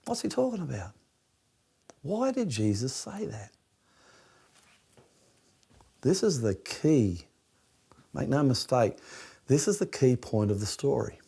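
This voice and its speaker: A middle-aged Australian man preaching a sermon, passionate and dropping from loud emphasis to hushed near-whispers. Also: mid-range voice, sing-song, unhurried, gravelly, pauses often, breathy edge. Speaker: pastor.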